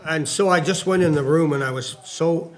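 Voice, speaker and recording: A middle-aged man and former hockey player, co-hosting a podcast and telling a story in a casual, animated way, swearing and acting out dialogue. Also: a little high, normal speed.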